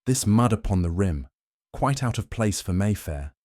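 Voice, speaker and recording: A man voicing Sherlock Holmes, calm and smooth. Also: lowish voice, no room sound, clean studio sound. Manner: smooth, measured, almost kind. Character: Sherlock Holmes, calm keen-eyed male detective.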